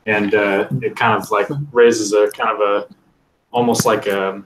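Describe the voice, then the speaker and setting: A man's voice: fairly low pitch, little pitch movement, a little slow, fairly bright tone. A man narrating as game master of a tabletop game, rambling with many fillers. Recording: roomy, distant mic, faint noise.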